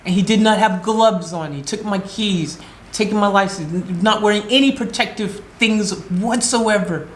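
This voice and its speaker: A woman's voice: medium pitch, moderate pace, slight background noise. An American woman vlogging, telling an upsetting story in an agitated, emotional way and acting out her own replies. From United States. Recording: roomy echo.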